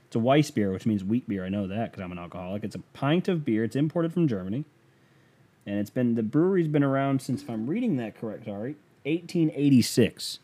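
Rambling, joking man with a mellow voice. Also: medium pitch, lively intonation, a little fast. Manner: joking, rambling, self-mocking. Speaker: vlogger. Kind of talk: casual comedic rant.

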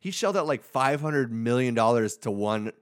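A man's voice: medium pitch, animated, normal speed. A man from Arizona co-hosting a podcast in casual chat, joking and sarcastic.

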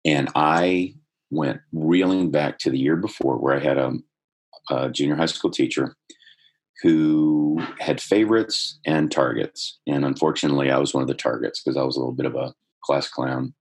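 A middle-aged man with a husky voice, earnestly telling a personal story in conversation, growing more animated as he goes. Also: a bass voice, normal speed. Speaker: guest telling his life story.

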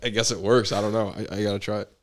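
Young guy hosting a pod, kinda low voice, rambly, like like like, swears a bunch. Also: flat delivery, quick pace. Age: young adult. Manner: rambling, heavy on fillers and swearing. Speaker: podcast host. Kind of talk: casual chat.

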